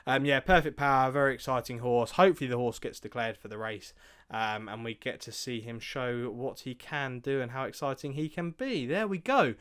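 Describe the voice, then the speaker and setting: A man talks through racing picks in a casual, chatty way. His voice is smooth and clear, pitched mid-range for a man, and he often pauses with ums and restarts his sentences. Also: a bit bright. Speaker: co-host of a racing tips show. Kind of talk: casual chat.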